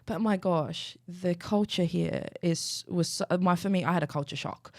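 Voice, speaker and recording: Young woman with an Australian accent, from Iraq; blunt and emphatic, low-pitched, close dry sound. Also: normal speed, vocal fry, darkish tone, dry recording. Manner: candid, emphatic, swears freely. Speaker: guest. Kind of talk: casual chat.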